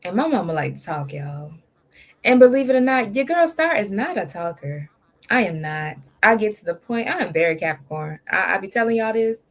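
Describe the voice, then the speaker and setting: A woman's voice: mid-range voice, big pitch swings, fairly quick. A woman hosting a reaction video, talking bluntly and emphatically. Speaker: reaction channel host. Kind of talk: casual commentary.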